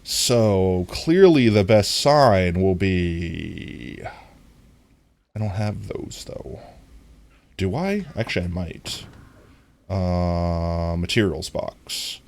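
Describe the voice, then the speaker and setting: A man with a nasal voice that sits on the lower side talks his way through a game stream. His delivery is animated, rising and falling freely as he chats with his viewers. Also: drawn-out words, pauses often, a little hiss or hum. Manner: chatty, talks to viewers while playing. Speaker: livestreamer. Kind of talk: casual game-stream chat.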